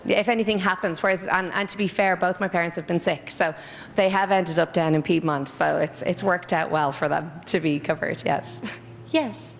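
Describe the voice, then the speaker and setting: A woman's voice: lowish voice, fairly even intonation, moderate pace. Chatty Irish woman, echoey hall. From Ireland. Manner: chatty, rambling anecdotes. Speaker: interviewee, former stage dancer. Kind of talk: casual interview.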